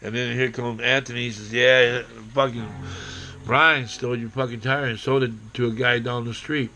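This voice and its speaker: A man telling a rambling, profane personal story, acting out quotes and breaking into shouting. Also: medium pitch, fairly even intonation, normal speed.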